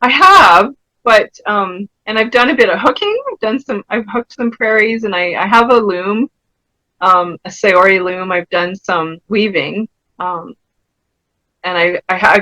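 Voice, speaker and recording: A woman artist speaks in a relaxed interview, bubbling with enthusiasm and breaking into laughter as she tells stories. Her voice sits mid-range, and the recording is dry and close with no room sound. She often restarts her sentences as she talks. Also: medium pitch, unhurried, dry recording, poor audio. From Saskatchewan, Canada. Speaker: fibre artist and pastelist, interview guest. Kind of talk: casual interview.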